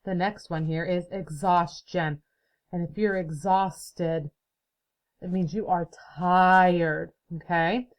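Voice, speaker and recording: A woman's voice: fairly low pitch, fairly even intonation, slow pace, low-quality recording. A young woman teacher giving a recorded phonics lesson to children, explaining patiently and clapping out syllables.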